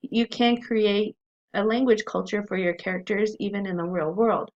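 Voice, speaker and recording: A woman's voice: mid-range voice, normal speed, darkish tone. A woman teaching a recorded writing class, explaining in a friendly way with frequent ums, on a dull lo-fi recording.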